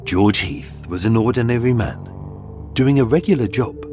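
A man narrating a scripted true-crime story in a measured, dramatic way, with suspenseful pauses. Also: mid-range voice. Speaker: podcast host and narrator. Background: faint background music.

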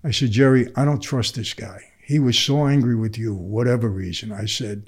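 Older New man, mid-pitch, a guest who acts out every voice in his stories. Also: moderate pace, husky. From New York. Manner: animated, acts out the other people's lines. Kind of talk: storytelling in conversation.

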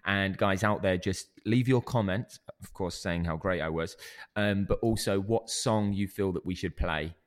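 A man's voice: low-pitched, moderate pace, few pauses. A man co-hosting a channel, bragging jokingly in casual banter with friends. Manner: boastful, joking. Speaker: co-host.

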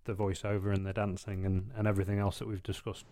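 A man hosts a podcast, posing polite, encouraging interview questions peppered with hesitant ums. His voice is on the low side and warm, with a flat delivery at a fast pace.

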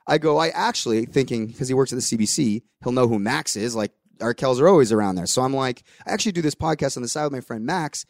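A man's voice: medium pitch, animated, quick pace, few pauses, no echo, clean studio sound. A young adult man hosting a podcast, telling a story in casual chat with voiced quotes and the odd swear. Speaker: podcast host.

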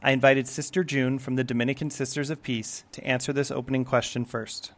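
Male host, mid-pitched, reading a scripted podcast introduction in a measured, formal way. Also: steady tone.

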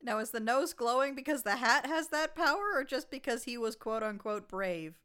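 A woman's voice: on the high side, lively intonation, moderate pace, a bit bright, clean tone. A woman co-hosting a casual movie-review chat, asking dry, skeptical questions. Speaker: podcast co-host.

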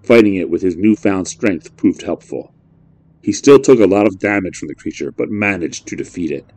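A man narrating a horror story in a measured, brooding way. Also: low-pitched, a little mellow, no echo.

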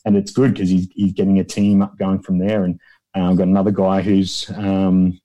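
A man's voice: low-pitched, monotone, normal speed, dark tone. A man, a guest in a casual interview, telling rambling stories and acting out quotes in a raised voice. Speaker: guest, founder of an extras agency.

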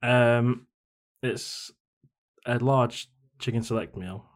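A man chatting in a relaxed, easygoing way. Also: mid-range voice, slow pace. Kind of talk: casual podcast chat.

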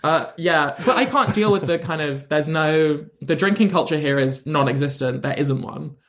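A man's voice: on the high side, normal speed, a bit bright. A young British man, a comedian guest, chatting casually, swearing and laughing at himself. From United Kingdom. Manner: swearing, laughing, self-mocking. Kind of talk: casual podcast chat.

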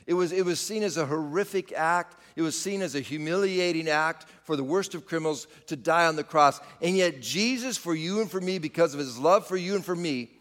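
Preaching man in a reverberant hall. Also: on the high side. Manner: preaching with rising and falling emphasis, addresses the congregation directly. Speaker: pastor. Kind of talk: sermon.

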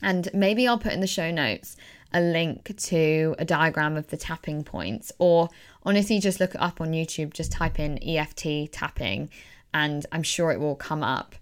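A woman's voice: low voice, normal speed. A woman hosting her own podcast as a coach, talking in an earnest, reflective way and doubling words for emphasis. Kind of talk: casual solo podcast talk.

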